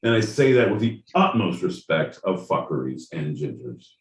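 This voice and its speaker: A man in casual chat, loud and profane, riffing from one tangent to the next. His voice comes from a distance off the mic and rings in a roomy space. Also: sits low, big pitch swings, moderate pace. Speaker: podcast co-host.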